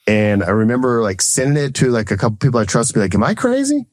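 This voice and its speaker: A man's voice: fairly low pitch, no echo. A man in his thirties, a former Marine officer, telling a story casually and rambling, with "like" in nearly every phrase and quoted exchanges acted out. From United States. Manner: fast, rambling, heavy use of "like", acts out quoted exchanges. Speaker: guest, Marine officer and entrepreneur.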